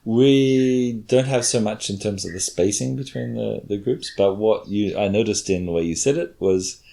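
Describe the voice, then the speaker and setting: A man's voice: lowish voice, moderate pace, creaky, warm tone. A man, a cognitive scientist, explaining his experiments patiently in a casual chat and demonstrating intonation.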